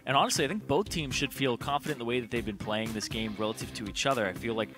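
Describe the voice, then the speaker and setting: A man giving analytical esports color commentary, animated and leaping in pitch when emphatic. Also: rapid-fire. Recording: commentary over game music.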